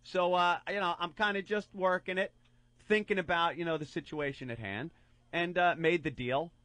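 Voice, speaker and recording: A man co-hosting a radio show, telling a crude story with animated delivery and mocking put-on voices. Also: sits high, normal speed, dry recording. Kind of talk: crude comedic radio banter.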